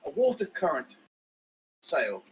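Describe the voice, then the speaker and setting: Higher-voiced man playing a tabletop game. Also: huge pitch swings, slow, slight background noise, rough recording. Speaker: player. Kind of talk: casual tabletop play.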